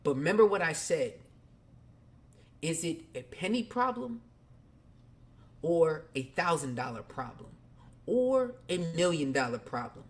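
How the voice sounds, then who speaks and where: A man hosting a podcast, telling a personal story candidly in casual slang, talking straight to his listeners and swinging between quiet and loud. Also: medium pitch. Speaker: podcast host.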